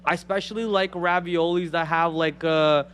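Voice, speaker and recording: A man from India, a Telugu speaker, hosting a live stock trading stream with excitable, joking chat. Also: on the high side, moderate pace, slight background noise.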